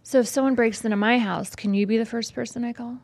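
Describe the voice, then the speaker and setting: A woman's voice: fairly high pitch, steady tone, fast, creaky, a little mellow, no echo. A woman co-hosting a podcast, asking questions in a playful, teasing way. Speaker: podcast co-host. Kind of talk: casual chat.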